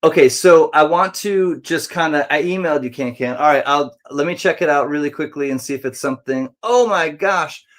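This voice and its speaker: A man's voice: a little fast, hardly any pauses, fairly bright tone. Chatty man hosting a livestream. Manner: friendly, rambling, jumps into silly high voices. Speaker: livestream host greeting viewers. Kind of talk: casual livestream chat.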